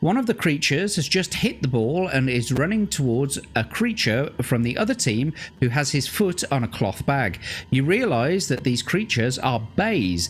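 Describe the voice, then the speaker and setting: Lively man reading a gamebook. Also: mid-range voice, moderate pace, breathy edge. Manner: swears casually, laughs often. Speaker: host and gamebook narrator. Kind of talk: reading a gamebook aloud with banter.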